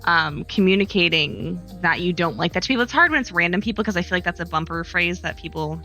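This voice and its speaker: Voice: mid-range voice, lively intonation, fast, sharp tone, soft background music. A stream co-host in casual chat, encouraging and hesitant, with frequent restarts.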